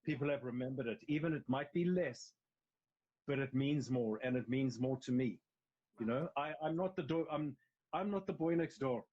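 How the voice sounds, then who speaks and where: A man with a South African accent talks casually and emphatically, circling back and restarting his sentences. His voice sits at an ordinary middle pitch. The phone-stream sound is a little dull and lo-fi. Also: moderate pace, darkish tone. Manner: rambling, emphatic, frequent restarts. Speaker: actor guest. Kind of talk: casual interview chat. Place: at home on a live video call. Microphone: mobile phone live stream.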